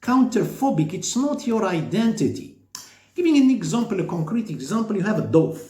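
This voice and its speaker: A man lectures on faith in an animated, emphatic way, his voice swinging up and down and often stopping to ask whether you follow. His tone is mellow and somewhat high for a man. The room around him is echoey. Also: fairly quick. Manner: animated, emphatic, with sudden pitch jumps and rhetorical questions. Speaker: speaker on faith and psychology. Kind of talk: informal spiritual lecture.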